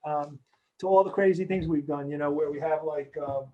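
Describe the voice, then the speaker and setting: A man in his sixties, the creator of an animated short, talking casually in an interview and rambling with lots of filler words. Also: fairly high pitch, fairly quick, dull audio, heavy background noise. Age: 60s. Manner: rambling, heavy on "you know" fillers.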